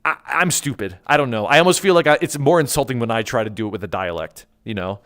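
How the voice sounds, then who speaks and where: A man's voice: mid-range voice, expressive, quick pace, fairly bright tone. A young man chatting casually on a live stream, rambling and jokey as he reads chat aloud.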